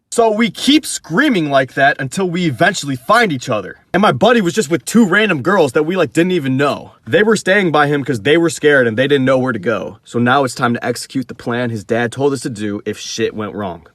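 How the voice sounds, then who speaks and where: A young man with a very lively, swinging pitch tells a casual storytime and swears as he goes. The sound is dry, with no room echo. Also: a little fast, few pauses.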